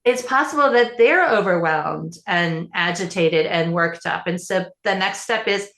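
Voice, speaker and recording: A woman's voice: lowish voice, unhurried, a bit bright, roomy sound. A woman parenting coach answering interview questions in an earnest, explanatory way, often restarting her sentences.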